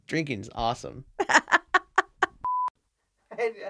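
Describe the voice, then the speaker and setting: A man co-hosting a podcast, jokey and quick to laugh in casual chat. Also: medium pitch, no room sound, clean studio sound. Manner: jokey, animated, laughs a lot. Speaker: podcast co-host.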